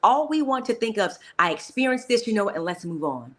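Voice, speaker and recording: A woman's voice: fairly high pitch, very animated, fairly quick, a bit bright. A woman podcast host and coach talking in an emphatic, encouraging way, with preacherly asides, during a faith-based interview.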